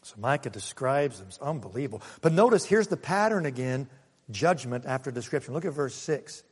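Heard in a large hall, this pastor has a fairly high voice and preaches conversationally, laughing as he tells stories. He then presses his points with more force, shifting between soft asides and raised, emphatic moments.

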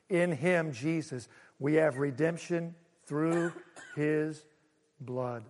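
Male pastor, higher-pitched, emphatic sermon delivery with rhetorical questions, church hall reverb. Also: a little hiss or hum. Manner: emphatic, drawn-out stresses, drops soft for effect, rhetorical questions. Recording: long reverb of a large hall.

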